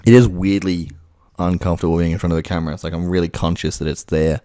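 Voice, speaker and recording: Swearing and rambling in self-talk, an impressionist YouTuber practices casually in a room at home, close on the microphone. He speaks fairly quickly with a flat delivery, in a low-pitched, dark-toned voice, and no room sound comes through.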